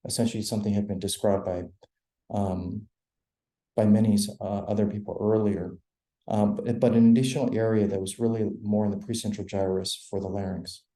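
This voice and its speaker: Low, mellow-voiced man giving a lecture. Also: level tone, reverberant, poor audio. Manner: measured, explanatory, frequent fillers. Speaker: neurosurgeon lecturer. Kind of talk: academic lecture. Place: lecture hall.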